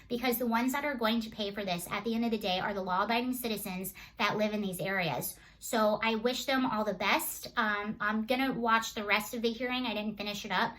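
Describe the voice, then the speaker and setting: Young woman, opinion vlogger, indignant, bright forceful delivery, slightly high pitch. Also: rough recording. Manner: indignant, rapid rhetorical questions. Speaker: political commentator. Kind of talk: opinion vlog monologue.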